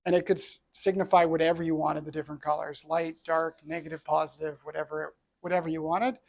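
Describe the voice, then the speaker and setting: A middle-aged man from Canada tells his own story with earnest, reflective feeling. His voice sits a little high and has a gravelly, creaky edge. He speaks as an entrepreneur sharing what happened to him. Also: flat delivery, fast talker. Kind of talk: personal storytelling talk.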